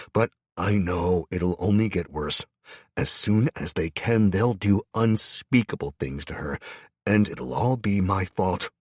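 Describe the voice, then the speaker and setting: Deep husky guy narrating an audiobook, tense wry first person, dry mic. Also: no echo.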